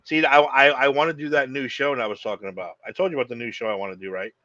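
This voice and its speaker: A man's voice: mid-range voice, fairly even intonation, racing, pushed and bright, no room sound, dull audio. Blunt, profane male podcast co-host. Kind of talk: casual chat.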